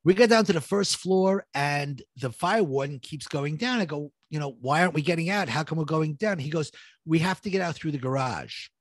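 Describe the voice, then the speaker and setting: A middle-aged man recounts a gripping personal story, switching into the voices of the people he met along the way. His voice sits a little high for a man. The sound is close and dry, with no room around it. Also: brisk, dry recording. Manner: vivid, reenacts dialogue, builds suspense. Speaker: guest telling his story.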